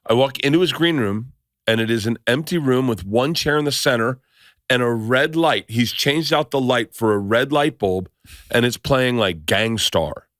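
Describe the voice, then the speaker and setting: A man hosting a podcast, a loud and animated storyteller who acts out what people said in casual chat. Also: mid-range voice, moderate pace, no room sound, clean studio sound. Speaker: podcast host.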